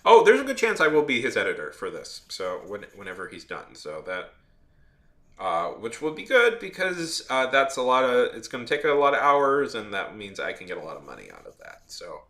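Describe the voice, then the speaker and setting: A man's voice: mid-range voice, huge pitch swings, moderate pace, a bit bright, reverberant. A man who works as a videographer tells a story in a casual, rambling rant, with many restarts and free swearing. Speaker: videographer and editor.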